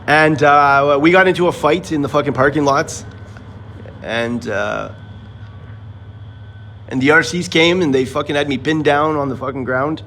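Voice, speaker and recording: A man's voice: a little high, measured pace, a bit bright, slight background noise, poor audio. A man telling viewers a long personal story in casual, rambling, profane talk, acting out what others said. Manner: rambling, profane, acts out quoted voices.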